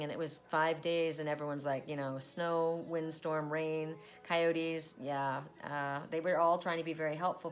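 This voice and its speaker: A woman doing a casual oracle card reading, chatty and laughing often as she repeats a set phrase. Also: low voice.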